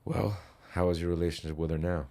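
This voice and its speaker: A man's voice: low-pitched, level tone, quick pace, mellow. A man hosting a podcast in casual conversation, listening supportively and sharing his own recovery story. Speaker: podcast host.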